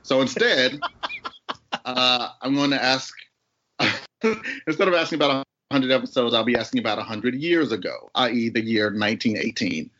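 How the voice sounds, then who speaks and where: A man's voice: medium pitch, moderate pace, a bit bright, lo-fi sound. Wry man hosting a podcast game. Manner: wry, joking, with fillers. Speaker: game show host.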